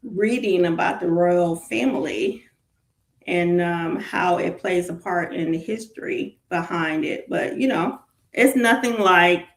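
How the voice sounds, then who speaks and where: Animated Southern woman, roomy echo. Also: mid-range voice. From Southern United States. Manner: animated, laughing, rambling with fillers. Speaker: guest. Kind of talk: casual chat.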